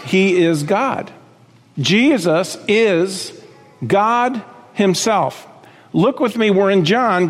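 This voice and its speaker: Recorded in a large hall, a man preaches as pastor with a high-sitting voice, chatting with asides and checking in with his congregation.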